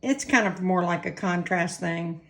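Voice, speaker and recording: Cooking vlog host, woman, lowish voice, self-deprecating and chatty, recorded on a tripod camera in a roomy kitchen. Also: moderate pace, a bit bright. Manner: chatty, self-deprecating, talks while working. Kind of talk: casual cooking demonstration. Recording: echoey room.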